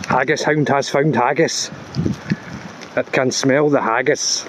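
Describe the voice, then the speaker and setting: A man, a tour guide giving deadpan mock-documentary narration in short clipped phrases, out in a woodland. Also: mid-range voice, slow pace, long pauses. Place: woodland outdoors. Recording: outdoor noise behind the voice.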